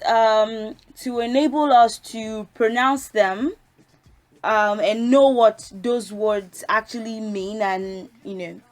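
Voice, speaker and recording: A woman teaches a language lesson, speaking slowly and carefully. She recites the letters one by one and then explains them in a relaxed, chatty way. Her pitch sits in a middle range, and faint music plays behind her. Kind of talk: casual spoken lesson.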